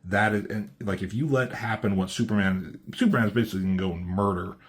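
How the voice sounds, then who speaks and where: A man giving a casual, excited comic book review, swearing freely as he walks through the pages. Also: lowish voice, quick pace. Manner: excited, loose, swears often.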